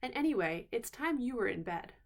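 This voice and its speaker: A woman's voice: a little high, animated, brisk, slight background noise. A woman voicing a sensible, motherly older girl who speaks in a bossy, matter-of-fact way. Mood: prim.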